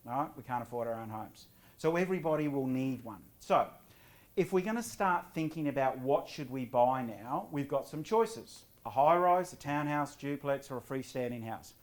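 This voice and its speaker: Middle-aged male presenter, energetic seminar speaker who quizzes the crowd, mid pitch. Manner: energetic, quizzes the audience with quick questions. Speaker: property investment presenter. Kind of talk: seminar talk to a live audience.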